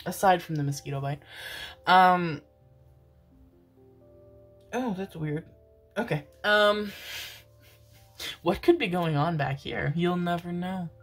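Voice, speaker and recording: A woman with a lowish voice gives a casual intuitive tarot reading, speaking slowly with long pauses while faint music plays behind her. Her monologue is rambling, affectionate, and loose, packed with fillers and casual swearing.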